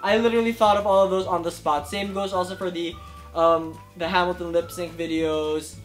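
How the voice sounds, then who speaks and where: Speaking a little fast in a high voice, a man in his twenties answers viewer questions for his casual YouTube Q&A, addressing the camera in front of him. Faint music sits in the background, and he comes across as gushing and excitable, his loudness swinging in a lively way.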